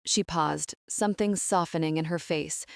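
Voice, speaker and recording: Woman narrator, lowish voice, even measured delivery, dry close recording; scripted story read. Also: creaky, dry recording.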